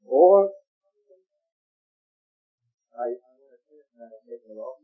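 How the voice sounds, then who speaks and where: A man's voice: on the high side, animated, moderate pace, pauses often, slightly rough, faint music behind. Fervent male preacher on a tinny recording. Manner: fervent, rising to impassioned peaks. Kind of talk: gospel sermon. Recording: tinny phone-like old recording.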